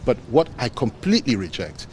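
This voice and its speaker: A man's voice: medium pitch, huge pitch swings, brisk, a little mellow, slight background noise. A man giving an earnest, emphatic press statement, repeating phrases for weight. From Nigeria. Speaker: politician speaking to the press.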